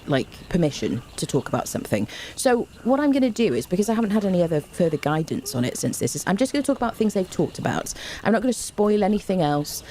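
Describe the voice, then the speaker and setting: Live-streaming from home into a desk mic, a woman chats bubbly and overexcited, rambling eagerly to her viewers. Her voice is low-pitched and mellow, with a little hiss or hum.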